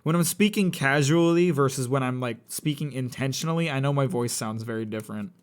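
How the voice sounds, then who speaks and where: Building a model kit on a live stream, this young man speaks fairly quickly in a smooth, mid-range voice. He rambles casually, blunt and sweary, with a sardonic edge.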